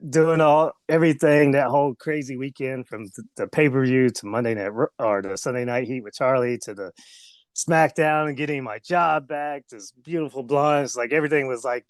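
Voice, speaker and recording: A man with a mid-range voice and a slight Southern US accent speaks at a moderate pace with no room sound. He's a former pro wrestler guesting on a casual interview, telling rambling stories, laughing often and acting out voices.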